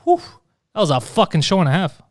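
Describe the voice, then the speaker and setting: A man's voice: high voice, big pitch swings, fast talker, a little mellow, dry recording, clean studio sound. A man co-hosting a comedy podcast, chatting casually and loosely, swearing and acting out quotes in put-on voices. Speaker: podcast co-host.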